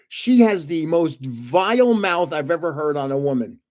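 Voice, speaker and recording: A man's voice: on the high side, lively intonation, moderate pace, a little mellow. An older man hosting a live stream, telling rambling stories in a chatty way and laughing often. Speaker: host of a live card-opening stream.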